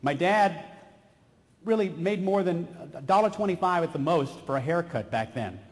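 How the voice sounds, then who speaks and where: Animated middle-aged man telling stories on stage. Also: fairly high pitch, moderate pace. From San Antonio, Texas. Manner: animated storyteller, slips into character voices. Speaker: keynote speaker. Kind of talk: motivational keynote speech with storytelling. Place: large conference hall. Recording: long hall reverb from a stage.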